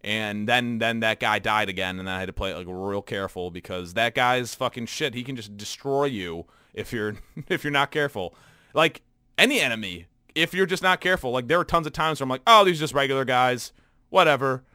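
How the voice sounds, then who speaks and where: A man in a casual podcast chat with a bright, forceful tone, recorded dry and close. He tells stories with plenty of profanity and plays out his own reactions along the way. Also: medium pitch, a little fast, smooth, no echo. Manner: animated, profane storytelling with acted-out reactions. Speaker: podcast co-host.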